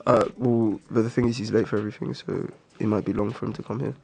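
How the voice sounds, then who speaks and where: A man's voice: lowish voice, fairly even intonation, fast, gravelly, darkish tone, breathy edge. A man co-hosting a casual chat, arguing his point insistently with plenty of slang.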